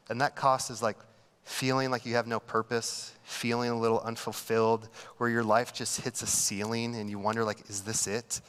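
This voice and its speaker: A man's voice: mid-range voice, fairly bright tone, in a large hall. A man preaching a humorous sermon as pastor, telling stories animatedly and mocking the voices he quotes. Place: large church auditorium.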